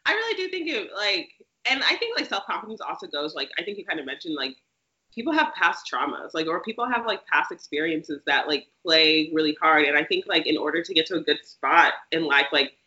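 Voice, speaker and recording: A young woman co-hosting a podcast, rambling casually and filling her talk with "like". Her voice has a bright, sharp edge. The sound is roomy and echoey, with a dull lo-fi quality. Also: sits low, very animated, brisk. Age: young adult. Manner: rambling, says "like" constantly. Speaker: podcast co-host. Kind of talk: casual chat.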